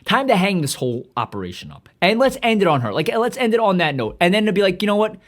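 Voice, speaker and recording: A man hosting a podcast in a profane, rambling monologue, excitable and stuffy-nosed, often trailing off and restarting. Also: sits high, fast. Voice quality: stuffy nose. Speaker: podcast host.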